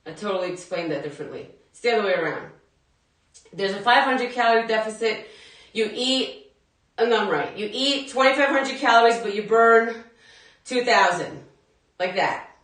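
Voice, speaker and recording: A woman's voice: mid-range voice, expressive, normal speed, fairly bright tone, distant mic. A young adult woman leading a live workout class, chatting to viewers in a casual, laughing way. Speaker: fitness instructor. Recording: very echoey room, voice from afar.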